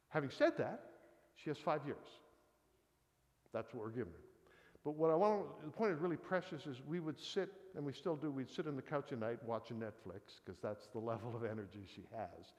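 A man's voice: mid-range voice, normal speed, long pauses, darkish tone. A man in his sixties giving a conversational sermon, telling a personal story in a folksy way. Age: 60s. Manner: folksy, storytelling, frequent "kind of thing" asides. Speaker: preacher. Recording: long reverb of a large hall.

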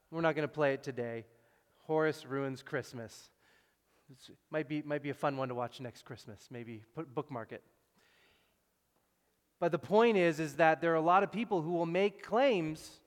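A man preaching a sermon in a relaxed, conversational way, acting out quotes and adding wry asides. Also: medium pitch, clear, resonant tone. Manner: conversational, acts out quotes, self-deprecating asides. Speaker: pastor. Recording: long reverb in a large hall.

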